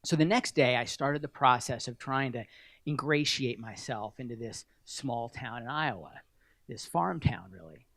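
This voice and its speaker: A man's voice: medium pitch, moderate pace, vocal fry, a bit bright, dry recording. A middle-aged man giving an award acceptance speech at a podium, telling wry, self-deprecating stories.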